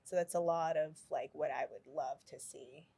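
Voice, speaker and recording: A woman's voice: sits low, steady tone, moderate pace, vocal fry, mellow, husky. A woman, an event organizer guest speaking earnestly and a bit hesitantly in a casual interview.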